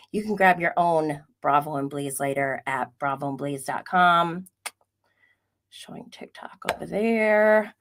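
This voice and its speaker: A woman hosting a livestream and chatting casually through a recap, talking in an animated way and laughing often. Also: deep voice, slow pace. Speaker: host.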